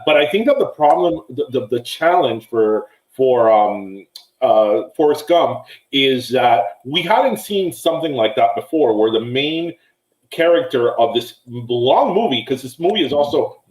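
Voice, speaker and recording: A man in casual podcast chat, laying out his opinions in a measured, thoughtful way. His voice sits at a middle pitch. The room gives his voice a noticeable echo. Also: expressive, darkish tone. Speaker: podcast co-host.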